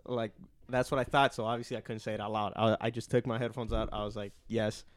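A man's voice: lowish voice, flat delivery, fast talker, dry recording. Young man telling stories, laughing often. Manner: laughs often, swears, tells work anecdotes. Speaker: podcast co-host. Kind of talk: casual storytelling chat.

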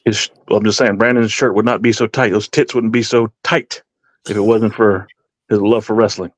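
A man's voice: lowish voice, level tone, moderate pace, no echo. A man on a podcast panel talking casually, rambling and heartfelt, stammering and swearing as he goes. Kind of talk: casual chat.

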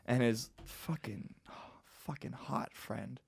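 A man hosting a podcast, telling crude stories in a rambling, animated casual chat. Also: mid-range voice, slow pace, gravelly, husky, dry recording. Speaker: podcast host.

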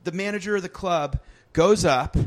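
Young comic guy, animated and fed-up storyteller, slightly high voice. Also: moderate pace. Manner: animated, exasperated storytelling with profanity. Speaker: stand-up comedian. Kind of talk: casual storytelling chat.

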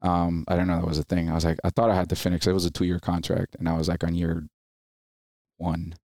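Fast and low-voiced, this man in his thirties is a Marine veteran guest on a podcast, recorded in a clean studio with no room sound. He tells stories in a casual interview, animated and acting out the people he quotes in raised voices.

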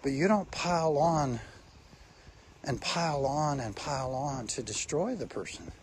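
A man's voice: on the high side, a little slow, a little hiss or hum. A man preaching a sermon, speaking emphatically and asking his listeners rhetorical questions.

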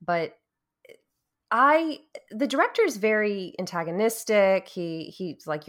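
Lively woman from Louisiana, chatting. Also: on the low side, moderate pace. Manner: animated storytelling, laughs often. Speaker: podcast co-host. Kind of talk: casual chat about a video game.

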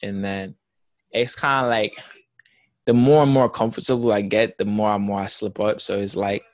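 A man's voice: fairly low pitch, fairly even intonation, moderate pace, dry recording. A young man from Jamaica with a New York accent, talking in a rambling casual chat full of fillers.

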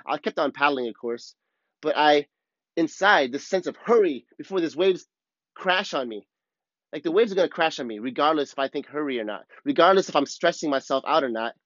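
A man's voice: on the high side, dry recording, dull audio. A man hosting a podcast, telling a personal story in an earnest, casual way and swearing freely. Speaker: podcast host. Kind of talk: casual reflective monologue.

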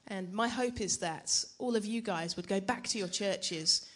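A woman's voice: medium pitch, a little slow, a little hiss or hum. A young woman preaching to a church gathering in a chatty, self-deprecating way, often asking the audience questions. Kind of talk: conference teaching talk.

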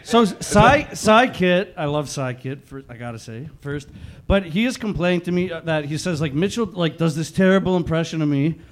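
A man chats on a podcast, rambling and poking fun at himself. His voice is slightly high for a man. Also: lively intonation, moderate pace. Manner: rambling, self-deprecating. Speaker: podcast guest. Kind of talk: casual chat.

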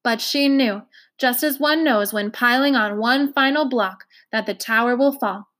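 A woman reads a children's novel aloud, with a voice a little higher than most women. Her storytelling is even and clear, easy to follow along. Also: unhurried, hardly any pauses. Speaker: story reader.

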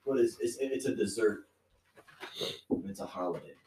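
A young man co-hosting a podcast who talks animatedly among friends and jumps into excited, emphatic bursts. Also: fairly low pitch, normal speed, distant mic. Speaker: podcast co-host. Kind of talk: casual chat among friends. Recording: echoey room, off-mic.

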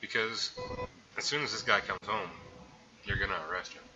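A man's voice: fairly low pitch, moderate pace, pushed and bright, dull audio. A man in casual movie chat, dryly correcting and teasing his co-host. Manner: dry, contrarian quips and corrections.

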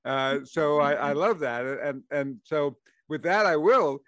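Man, chuckling storyteller, halting restarts, slightly high voice, dry sound, video call. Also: expressive, a bit bright, no room sound. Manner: laughs while talking, halting restarts. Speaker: guest storyteller. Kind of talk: casual storytelling.

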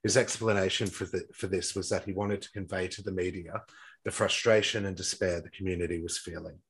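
Deep husky male host, casual true-crime retelling, trips over his notes. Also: fairly even intonation, a little fast, poor audio. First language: not English-accented, says his English accent is poor. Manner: reads from notes, stumbles and restarts often.

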